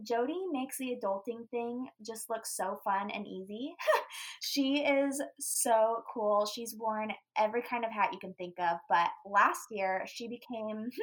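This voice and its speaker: A woman's voice: mid-range voice, poor audio. A young woman hosting a podcast, gushing and bubbly in casual interview chat, with lots of fillers. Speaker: podcast host.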